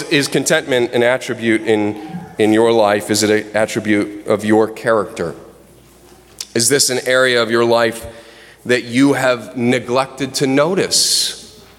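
A male pastor preaching a sermon in a conversational way, asking the congregation direct questions and slowing down for emphasis. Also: mid-range voice, fairly bright tone, long reverb tail. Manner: slows down for emphasis.

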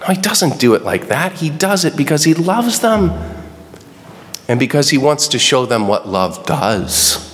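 A man preaching a sermon, animated and acting out the people he quotes in raised voices. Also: a little high, measured pace, a little hiss or hum. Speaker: pastor. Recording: long reverb of a hall.

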